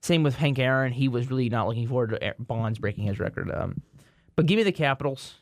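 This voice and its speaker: A man's voice: medium pitch, quick pace, no room sound, clean studio sound. A man hosting a casual sports podcast, rambling through playoff picks with frequent restarts and repeated words. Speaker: podcast host.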